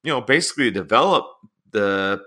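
Bright-voiced male podcast host. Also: on the low side, lively intonation, fairly quick. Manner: rambling, filler-heavy. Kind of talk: casual sports podcast chat.

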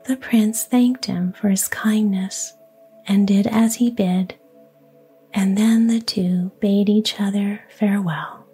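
A woman reads a fairy tale entirely in a whisper. Her voice is breathy, mellow and very unhurried, with soft music underneath. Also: mid-range voice, steady tone. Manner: whispers throughout. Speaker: storyteller.

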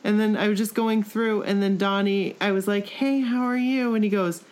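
A woman's voice: mid-range voice, flat delivery, a little fast, a little mellow. A woman hosts a casual chat. She tells her story in a rambling, flustered way, tripping over her words.

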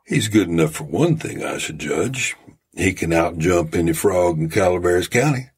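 Man playing a frontier gambler, easy careless drawl, deep husky voice. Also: animated, moderate pace. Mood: easygoing.

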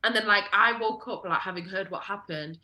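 A young woman tells travel stories on a podcast, in an animated and casual way with plenty of filler words. Her voice is bright and forceful. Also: mid-range voice, a little fast. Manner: animated, lots of "like" fillers, jumps into quoted voices. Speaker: podcast co-host. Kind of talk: casual storytelling chat.

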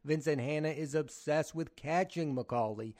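A man's voice: a little high, moderate pace, a little mellow. Opinionated man chatting about films. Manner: candid, conversational, strongly opinionated. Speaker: podcast host, film critic. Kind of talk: opinionated film podcast talk.

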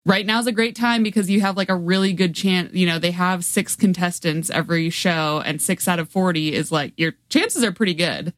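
A woman's voice: fairly low pitch, brisk, few pauses, dry recording. A woman chatting on a podcast, telling an enthusiastic story about a fun experience. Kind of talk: casual chat.

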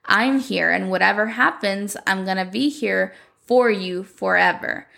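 Woman doing a self-sacrificing young woman, soft, reassuring, slight vocal fry. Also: mid-range voice, a little slow, full character voice.

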